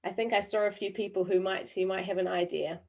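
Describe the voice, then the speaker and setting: Woman with a softened New Zealand accent. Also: medium pitch, steady tone, vocal fry. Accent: New Zealand, softened by years abroad. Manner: engaging, quizzes the audience through the chat; deliberate, with frequent pauses and fillers. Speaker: webinar presenter. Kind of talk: online training webinar.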